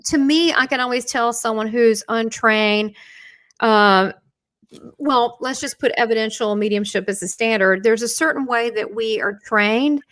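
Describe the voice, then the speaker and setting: A woman hosting a live online chat as a spiritual medium. She tells animated stories full of quoted dialogue and frequent restarts. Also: on the high side, unhurried.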